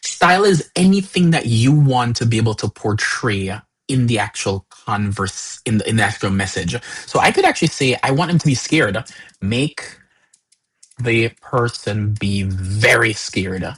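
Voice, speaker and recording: A man's voice: fairly low pitch, lively intonation, unhurried, fairly bright tone, husky, rough recording. A man leading a live workshop, talking casually with lots of fillers and repeated words. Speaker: workshop instructor.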